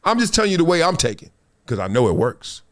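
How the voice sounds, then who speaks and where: A male podcast host with a fairly high voice that swoops up and down. He talks in a preachy, dramatic way, leaning into his points and playing out quick scenes with voices. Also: sing-song, a bit bright. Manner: preachy, dramatic, acts out quotes. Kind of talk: animated commentary.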